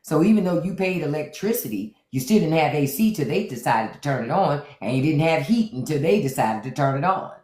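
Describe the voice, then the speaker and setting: A woman's voice: low-pitched, brisk, hardly any pauses, echoey room. Blunt, profane woman hosting a live stream. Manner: blunt, profane and joking, with animated quoted asides. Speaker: podcast host on a live stream. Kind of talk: casual live-stream chat.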